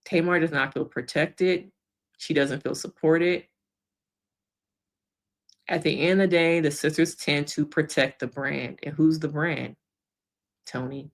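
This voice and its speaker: A woman therapist giving a casual, animated recap of a reality show episode, acting out quotes and laughing along the way. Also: deep voice, a little slow, long pauses.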